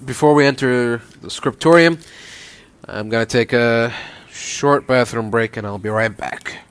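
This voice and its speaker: A man casually commenting on a game he is playing, relaxed and rambling. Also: medium pitch, measured pace, clean tone. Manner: relaxed, rambling with fillers and restarts. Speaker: let's play host.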